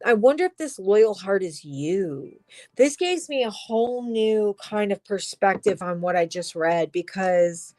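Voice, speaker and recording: A woman giving a personal tarot reading, emotional and halting, crying as she talks, with sighs and soft whispered asides. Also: mid-range voice, lively intonation, dry recording, rough recording. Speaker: tarot reader.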